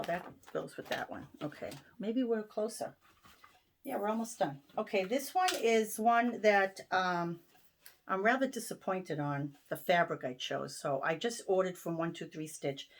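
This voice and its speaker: Chatty Boston woman showing her stitching. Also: lowish voice. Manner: chatty, many ums and restarts. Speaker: stitching vlogger. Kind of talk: casual show-and-tell chat. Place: home sewing room.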